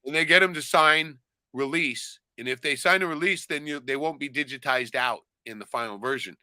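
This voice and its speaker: A man's voice: fairly high pitch, a little fast, sharp tone, smooth, dry recording. A man on a casual podcast, rambling and swearing a lot, often tagging lines with "right?". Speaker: podcast co-host. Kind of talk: casual profane chat.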